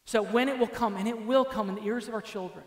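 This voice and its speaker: A man's voice: sits high, fast talker. A male pastor preaching a sermon emphatically, his voice rising and falling for emphasis. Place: church sanctuary. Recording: echoey church hall with long reverb.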